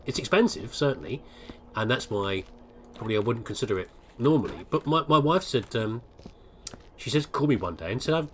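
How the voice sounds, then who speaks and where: A man's voice: mid-range voice, a bit bright, a little hiss or hum. An older English man talking over gameplay in a rambling, casual and self-deprecating way, often stopping to restart a sentence. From England. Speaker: gaming video host.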